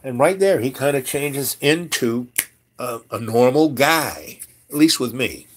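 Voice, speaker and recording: A man's voice: mid-range voice, animated, unhurried. A man casually retelling a dream, rambling with lots of fillers and chuckling asides. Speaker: storyteller.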